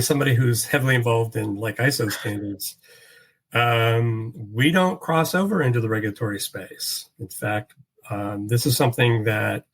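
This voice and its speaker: Low-voiced man weighing his words. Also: rough recording. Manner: measured, frequent fillers and restarts. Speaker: standards expert. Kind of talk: panel discussion.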